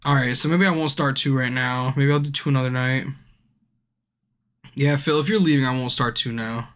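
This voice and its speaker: A man's voice: medium pitch, steady tone, moderate pace, fairly bright tone. Drunk, swearing man streaming a game. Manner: frustrated, swears a lot, talks to viewers by name. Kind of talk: casual live-stream chat.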